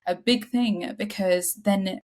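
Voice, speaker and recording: A woman's voice: medium pitch, slow, darkish tone. A young woman talking as a podcast guest, earnest and enthusiastic with frequent fillers. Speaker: podcast guest, clinic founder. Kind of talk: casual podcast chat.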